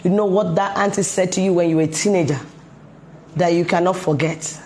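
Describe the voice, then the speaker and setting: A woman's voice: fairly low pitch, steady tone, a little fast, a little mellow, slight background noise. A woman coaching parents in a motivational talk, emphatic and full of rhetorical questions.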